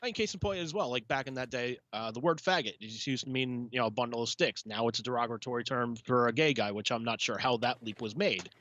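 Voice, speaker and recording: Blunt man, podcast co-host, swears a lot, bright tone. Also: mid-range voice, fast, hardly any pauses, no room sound, muffled recording. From not from the UK. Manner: blunt, swears freely, laughs often. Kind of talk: casual chat.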